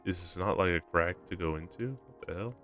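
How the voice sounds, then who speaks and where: Young male streamer, low voice, loose rambling chat with faint game music behind. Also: a little fast, fairly bright tone. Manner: rambling, full of fillers and restarts. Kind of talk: casual live-stream chat while gaming.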